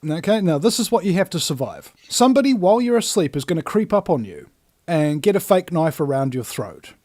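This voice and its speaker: A man's voice: fairly high pitch, sing-song, brisk, a little mellow, no echo, studio quality. Fiery New man ranting. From New Zealand. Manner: emphatic and scornful, acts out other people's voices. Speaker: host. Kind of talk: ranting monologue.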